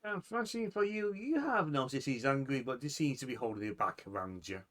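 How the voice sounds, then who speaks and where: A man with a mid-range voice narrates as game master of a tabletop role-playing game. He's animated and quick to shift into character calls.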